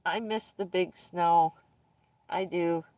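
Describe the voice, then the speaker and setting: A woman's voice: fairly low pitch, fairly even intonation, slow, darkish tone, dry recording, far from the mic. A woman vlogger casually telling rambling personal stories to her viewers, often breaking into laughter mid-sentence.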